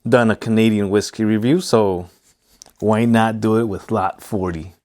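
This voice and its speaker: A man with a Hispanic American accent hosting a casual whiskey review vlog, talking in a relaxed, rambling way with many fillers. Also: fairly low pitch, normal speed. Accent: Hispanic American English. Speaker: whiskey reviewer, channel host.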